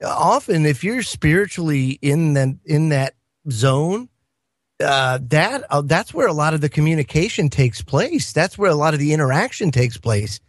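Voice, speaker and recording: A man's voice: fairly high pitch, lively intonation, moderate pace, no echo, studio quality. A man from the UK co-hosting a casual podcast, hesitant and rambling, with many fillers. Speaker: co-host.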